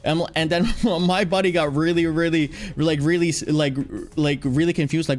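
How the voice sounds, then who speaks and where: A playful male streamer rambles through a casual livestream chat in a slightly high voice, reading chat aloud and bursting into excited shouts. Faint music plays softly behind him. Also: moderate pace, hardly any pauses. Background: faint background music.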